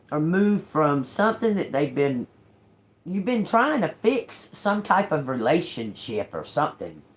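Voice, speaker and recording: A low-voiced woman, a tarot reader, does a casual reading for her viewers. She's emphatic and blunt, swears often, and repeatedly checks in by asking "okay?"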